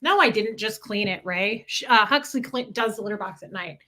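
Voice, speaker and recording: A woman's voice: mid-range voice, brisk, pushed and bright. A woman hosting a casual livestream, rambling through a story and greeting viewers as she goes. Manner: scattered, chatty, greets viewers mid-story. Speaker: livestream host.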